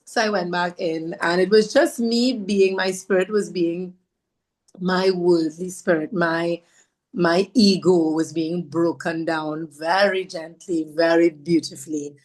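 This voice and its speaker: Lower-voiced woman telling a story. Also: measured pace. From Trinidad. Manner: animated, self-mocking, often laughing. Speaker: podcast guest. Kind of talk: storytelling conversation.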